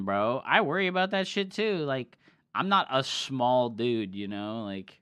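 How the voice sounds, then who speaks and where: A male streamer casting a match in a loose, profane, excitable style. His voice is bright and forceful, with a tense edge that cuts through the chatter. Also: mid-range voice, measured pace, clean tone. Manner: swears a lot, loose and excitable. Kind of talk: casual game commentary.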